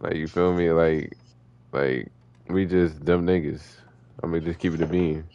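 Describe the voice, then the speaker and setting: A man with a Philadelphia accent streaming an online game, loud, excitable and profane as he reacts to the action. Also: low voice, measured pace, dull audio, a little hiss or hum. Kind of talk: casual gameplay commentary.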